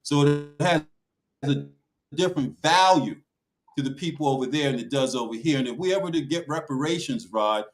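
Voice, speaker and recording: A man's voice: medium pitch, a little fast, rough recording. A man speaking emphatically on a talk show panel, with a preaching cadence that rises and falls.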